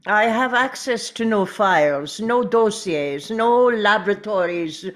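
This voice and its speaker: A fastidious, courteous male detective, read by a woman at a table read. He speaks slowly and precisely, and his pitch rises and falls a lot. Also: lively intonation, close to an everyday voice. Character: fastidious polite male detective, middle-aged.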